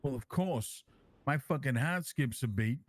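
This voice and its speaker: A man speaks at a measured pace in a mid-range voice, with no echo. He's in an online role-play as a crude, brash crime-family boss styling himself king, boasting as he rambles through his stories. Constant swearing and lively, animated delivery mark his manner.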